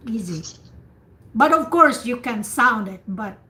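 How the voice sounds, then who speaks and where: A woman tutor leading an online speaking practice class, patiently repeating words slowly to model pronunciation over a video call. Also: on the high side, lively intonation, sharp tone. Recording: echoey room with faint noise, video call.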